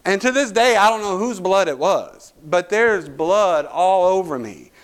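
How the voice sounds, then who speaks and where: A man's voice: high-pitched, expressive, unhurried, smooth. A male pastor, preaching a sermon through a folksy personal story full of restarts.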